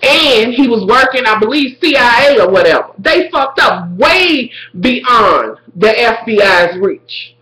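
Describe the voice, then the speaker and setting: Animated woman recapping a show, bright voice. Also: on the high side, measured pace, few pauses, reverberant, low-quality recording. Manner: animated, profane, talks straight to viewers. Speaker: vlogger recapping a TV episode. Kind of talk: casual TV episode recap.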